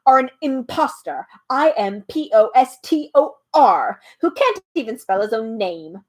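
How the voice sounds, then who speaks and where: A woman voicing a fussy male spelling bee in a storybook reading, snippy and quick to get excited, spelling words out letter by letter. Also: sits high. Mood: sneering.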